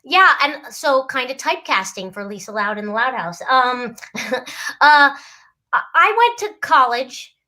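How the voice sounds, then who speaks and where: A middle-aged woman with a somewhat high voice talks in an easy, animated way. She chats casually, laughs readily and slips into little character voices mid-sentence. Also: measured pace. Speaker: voice actress and lawyer. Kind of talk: casual chat.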